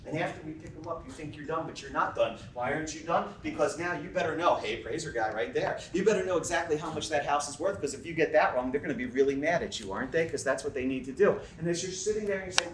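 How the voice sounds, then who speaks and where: A man giving an energetic seminar talk to a live audience, firing questions at the room in a quick, punchy way. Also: fairly high pitch, slight background noise. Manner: fast, punchy, asks the crowd questions. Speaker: presenter. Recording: echoey room recorded from a distance.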